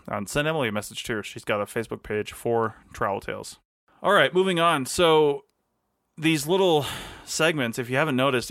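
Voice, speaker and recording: A man's voice: medium pitch, vocal fry, fairly bright tone, smooth, no room sound, studio quality. A man hosting his own podcast from his office, rambling casually with lots of ums and restarts. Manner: chatty, many ums and restarts. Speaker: podcast host.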